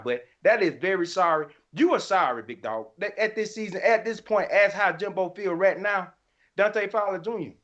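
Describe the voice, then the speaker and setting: A man's voice: sits high, expressive, normal speed, fairly bright tone. A man co-hosting a sports podcast, ranting in a fired-up, emphatic, colloquial way. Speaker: podcast co-host. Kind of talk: heated sports podcast rant. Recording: slightly dull lo-fi audio.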